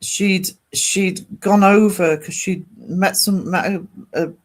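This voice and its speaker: A man's voice: high voice, steady tone, slow. A man, hosting a casual art livestream and chatting rambly with viewers.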